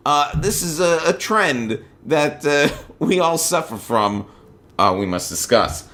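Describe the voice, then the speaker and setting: A male podcast co-host who talks in loose, rambling banter and swears freely. His pitch swings widely as he tells stories, rising and falling with real animation. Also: sing-song, takes it slowly, fairly bright tone.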